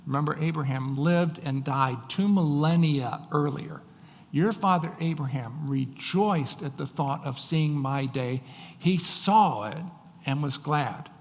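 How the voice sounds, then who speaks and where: A male pastor preaching a sermon, slowing down to read scripture with emphasis. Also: fairly high pitch, big-room sound.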